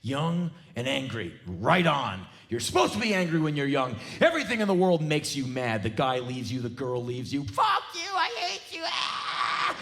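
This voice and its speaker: A man in his forties from the United States, performing a live spoken word comedy rant on a theater stage with intense, shouting bursts. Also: mid-range voice, very animated, moderate pace, hardly any pauses. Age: 40s.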